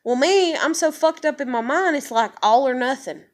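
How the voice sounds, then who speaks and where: Woman vlogger, higher-pitched, swearing rant. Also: lively intonation, normal speed. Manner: frustrated, heavily profane ranting. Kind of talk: casual venting monologue to camera.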